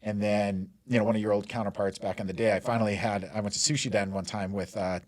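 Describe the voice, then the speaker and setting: A man's voice: lowish voice, fairly even intonation, fast, darkish tone, dry recording. A man in his forties from Denver, a mortgage lender guest telling stories in a rambling, casual way full of "like" and "you know". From Denver, USA. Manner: rambling, lots of "like" and "you know", laughs easily. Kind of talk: casual storytelling interview.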